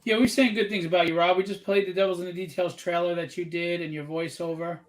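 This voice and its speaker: A man with a notably high speaking voice hosts a live drawing stream in easy, chatty fashion. He banters and cracks jokes, drifting off on tangents before circling back to plug his project. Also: steady tone, fast talker. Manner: chatty, joking, promotes his book between tangents. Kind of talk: casual live-stream chat.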